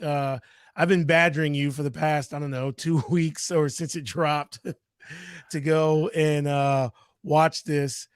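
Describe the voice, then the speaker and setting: A man's voice: on the high side, smooth, no room sound, studio quality. A man co-hosting a casual review podcast, talking eagerly with lots of fillers and restarts. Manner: hesitant, many fillers and restarts, enthusiastic. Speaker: podcast co-host.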